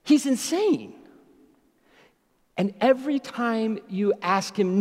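A middle-aged male pastor with a high, very lively voice, telling stories with jokes in an animated way. His sermon rings out in a church with a long reverb. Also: a little slow. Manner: animated, joking storyteller.

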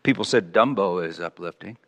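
A man in his sixties gives a self-mocking storytelling sermon, dropping to a low murmur and then rising to loud exclamations. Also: a little fast. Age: 60s. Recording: long hall reverb.

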